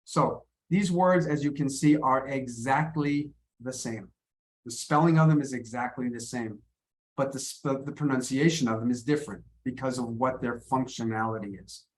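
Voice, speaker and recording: A man teaching pronunciation in a live online class, heard over a video call. His pitch sits at an ordinary middle height. He is friendly and often repeats or restarts his words as he explains. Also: normal speed.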